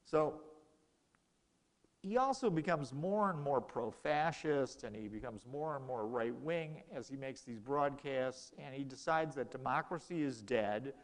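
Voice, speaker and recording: A man's voice: medium pitch, animated, measured pace, big-room sound. A man giving a casual history lecture in a lecture room, telling it as a story and acting out the quoted exchanges.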